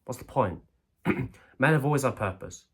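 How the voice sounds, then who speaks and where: A man's voice: mid-range voice, animated, a little slow, fairly bright tone, breathy edge. A young man giving crude, direct self-improvement advice to camera, firing rhetorical questions and tacking on "right?" and "okay?". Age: young adult. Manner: acts out the brain's voice in quoted asides.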